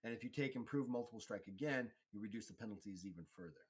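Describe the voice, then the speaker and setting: A man with a fairly low voice acts as game master at a tabletop game. He explains the rules and narrates the fight in a loose, unhurried way. He often stops on fillers and restarts his sentences. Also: husky. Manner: relaxed, halting, with frequent fillers and restarts. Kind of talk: running a tabletop game session.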